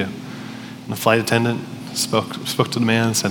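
A man's voice: fairly low pitch, little pitch movement, normal speed. A man preaching a sermon in a conversational, storytelling way, with frequent restarts. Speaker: pastor. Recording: long hall reverb, faint noise.

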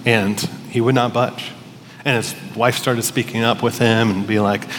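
A man's voice: mid-range voice, flat delivery, normal speed, fairly bright tone. Man preaching a sermon in a reverberant hall. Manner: conversational, storytelling with restarts. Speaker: pastor. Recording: long hall reverb, faint noise.

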